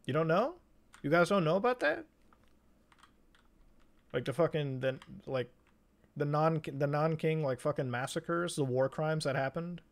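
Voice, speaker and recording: A man with a rather high voice chats while gaming on a stream. He rambles in a loose, profane way and breaks into laughter often, talking into a desk mic at home. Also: animated, unhurried, long pauses. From Canada. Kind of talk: casual chat while gaming.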